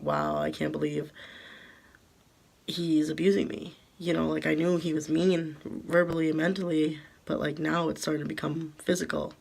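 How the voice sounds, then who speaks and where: Young woman with a gravelly, halting voice. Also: sits low. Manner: halting, many fillers like "um" and "like". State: emotional, holding back tears. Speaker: vlogger. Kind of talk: storytime vlog.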